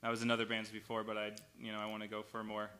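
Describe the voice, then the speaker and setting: A man's voice: lowish voice, monotone, racing, pushed and bright. A young man from Washington State, a singer-songwriter guest on a radio show, talking in a laid-back way and laughing easily. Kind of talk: casual radio interview.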